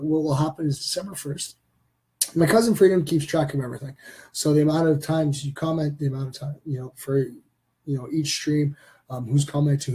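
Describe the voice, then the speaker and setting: A man's voice: a little high, warm tone, breathy edge. A man hosting a live stream, chatting casually and rambling with lots of fillers. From Canada.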